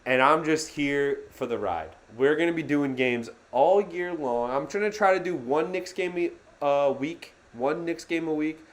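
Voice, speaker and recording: A young man hosting a live sports reaction stream, swinging from gloomy muttering to excited yelling and talking to his chat. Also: fairly high pitch, measured pace, few pauses. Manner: talks to chat viewers by name.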